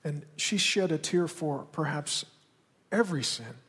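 A man's voice: on the high side, lively intonation, measured pace, a bit bright, breathy edge. A man preaching a sermon as pastor, talking directly and conversationally to the congregation with pointed asides. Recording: reverberant hall.

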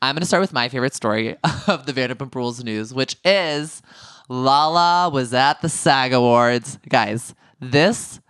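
A man's voice: medium pitch, unhurried, a bit bright, smooth, no room sound, studio quality. A man co-hosting a podcast, chatting casually and bluntly about reality-show gossip with a sassy edge. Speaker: podcast co-host.

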